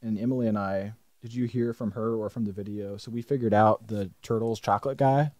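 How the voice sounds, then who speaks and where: A young man co-hosting a podcast, telling a story in a casual, animated way and swearing freely. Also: fairly low pitch, brisk, dry recording. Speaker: podcast co-host. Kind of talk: casual chat.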